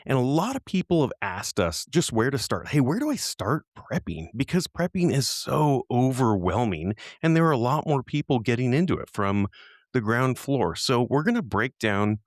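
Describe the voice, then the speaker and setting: A man's voice: mid-range voice, expressive, normal speed, dry recording, clean studio sound. A man co-hosting a podcast in casual chat, talking in a rambling, easygoing way and laughing easily. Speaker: podcast co-host.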